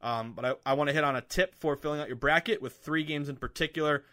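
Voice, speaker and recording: A man hosting a sports betting podcast, chatting casually from home with lots of fillers and excitement. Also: on the high side, fast talker. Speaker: podcast host. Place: home room with window open.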